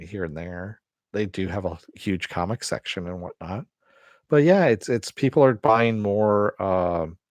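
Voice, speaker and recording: The middle-aged host, whose voice sits on the low side and sounds a little mellow, rambles through viewer questions on his casual stream. He swears and keeps restarting. No room sound.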